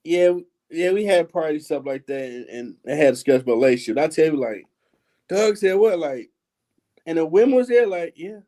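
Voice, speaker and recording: A man's voice: a little high, normal speed. A man, telling childhood stories as host in casual chat and acting out the voices of the people in them. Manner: animated, laughing, acts out quoted voices.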